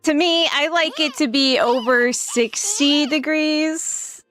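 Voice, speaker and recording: A woman's voice: sits high, takes it slowly, fairly bright tone, soft background music. A woman streamer chatting casually on a live stream, giggling often and rambling through plenty of fillers.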